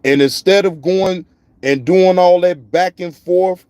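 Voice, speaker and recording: Casting: male streamer, slightly high voice, cursing freely, chatting to his viewers, close dry mic. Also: measured pace, darkish tone, clean tone, dry recording. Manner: profane, repetitive, talks to chat viewers by name. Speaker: live-stream reaction host. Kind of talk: casual live-stream commentary.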